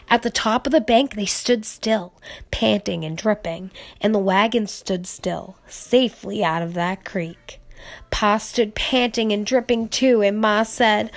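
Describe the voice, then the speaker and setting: A woman reading a children's storybook aloud, gentle and expressive, dropping to a whisper at tense moments. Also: medium pitch, measured pace. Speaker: storybook reader. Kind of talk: children's read-aloud narration.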